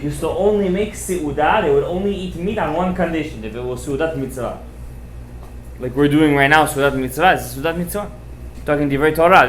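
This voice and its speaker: A man who is a rabbi, telling a Torah story at a festive meal, animated and acting out the voices, sprinkling Hebrew and Yiddish words into casual English. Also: a little high, slight background noise. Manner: animated, acts out the quoted voices. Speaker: rabbi giving a Torah talk.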